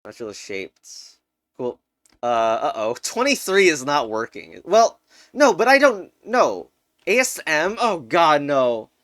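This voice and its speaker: A man's voice: a little high, sing-song, measured pace, a bit bright, dry recording, studio quality. A young man casually commenting while solving crosswords, thinking aloud, muttering and laughing often. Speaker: puzzle game streamer.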